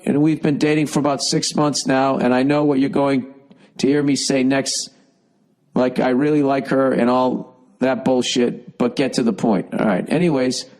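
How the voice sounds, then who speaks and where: A podcast host with a mid-range, slightly mellow voice reads a listener email, recorded with poor audio. In a Boston accent, he gives blunt, profane advice in a rambling comedic rant while battling a cough.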